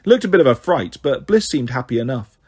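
A man reading a story aloud, voicing a flighty, chatty young mother with a breezy, cheeky manner and a husky voice. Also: medium pitch, sing-song, quick pace, a little mellow.

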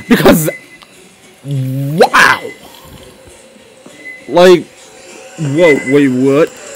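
A man's voice: fairly high pitch, animated, slow, long pauses, a little hiss or hum, low-quality recording. A young man commentating a video game, panicky and exclamatory, often calling out to his viewers. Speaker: gaming video host.

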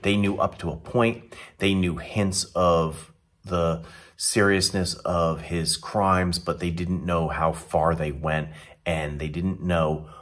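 A man with a deep, low voice talks through his tabletop game session as its dungeon master. He rambles and restarts often while mixing a recap with tips for other game masters. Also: steady tone, slow pace, fairly bright tone.

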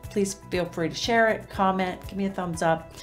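A woman's voice: medium pitch, moderate pace, faint music behind. A middle-aged woman giving parenting tips to camera in a conversational teaching style, with fillers and self-corrections.

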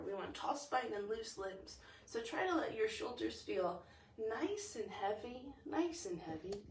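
A woman, teaching a livestreamed singing warm-up from home in a chatty, encouraging way that sometimes drops to breathy whispers. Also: on the high side, reverberant, distant mic. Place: home, over a slow internet livestream.

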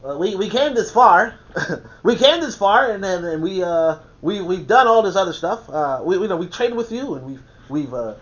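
A man voicing a halting, overly polite male colonizer who stammers as he pleads. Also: sits high, expressive, fairly bright tone. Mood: pleading. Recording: dull lo-fi recording.

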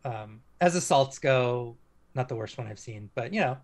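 With lively intonation and a medium pitch, a former cop shares a story as a guest in an interview. He speaks casually and haltingly, restarting often and filling gaps with fillers.

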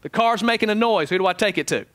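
Animated pastor preaching. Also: male voice, high-pitched, quick pace, no echo. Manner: animated storytelling, voice dropping soft for prayer. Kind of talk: sermon. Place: church sanctuary.

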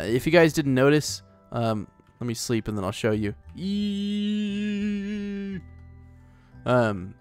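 A man hosting a let's play, chatting casually and rambling as he plays, often talking to the animals in the game. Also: medium pitch. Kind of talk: casual gameplay commentary.

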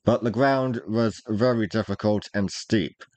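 A man narrating an old adventure novel, reading in a measured, deliberate manner. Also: fairly low pitch, steady tone, a little mellow, dry recording, low-quality recording. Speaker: reader, narrator. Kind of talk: storybook narration.

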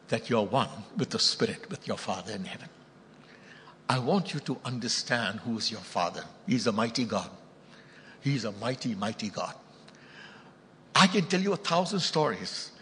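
A man with an Indian accent preaches with a fairly high voice that swoops up and down all the time. He tells his stories emphatically and rises to loud bursts. The sound rings with the long reverb of a large church hall. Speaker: pastor. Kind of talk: sermon.

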